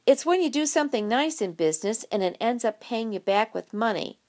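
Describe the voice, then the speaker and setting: A woman's voice: fairly high pitch, animated, a little fast, darkish tone, lightly acted. A woman voicing an eager, insistent young girl who is competitive and stubborn. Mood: explaining.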